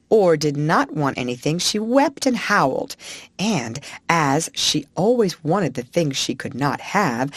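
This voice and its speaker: A woman narrating a classic children's storybook in an expressive, animated reading. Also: deep voice, dry recording. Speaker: audiobook narrator.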